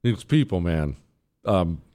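A man hosting a political talk radio show, delivering a combative, sarcastic monologue and slowing down to hammer his points. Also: low-pitched, lively intonation, warm tone. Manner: combative, sarcastic, emphatic, slows down to stress points.

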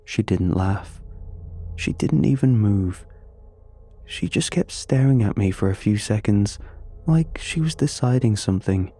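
A man tells a first-person horror story at a slow, careful crawl, his uneasy delivery stretched by long pauses. His voice is very dark and somewhat husky, sitting a little low, with faint music underneath. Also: lively intonation. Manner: measured, uneasy, with drawn-out pauses. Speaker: narrator.

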